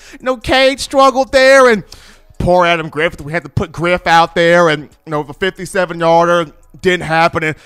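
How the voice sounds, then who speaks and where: Man, sports talk, lively storytelling, clear resonant tone. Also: sits high. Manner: animated storyteller acting out fans. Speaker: football commentator.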